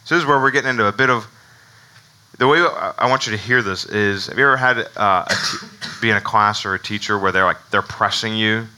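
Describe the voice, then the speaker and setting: Male pastor, casual conversational sermon, very bright tone, restarts and laughs often. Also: fairly low pitch, a little fast, a little hiss or hum, poor audio. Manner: conversational, many fillers and restarts.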